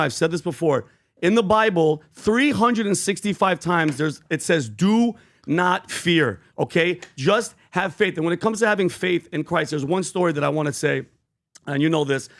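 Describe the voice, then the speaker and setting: High-voiced man retelling scripture. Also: a little fast. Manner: animated, preachy storytelling. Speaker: podcast co-host. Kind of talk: casual podcast talk.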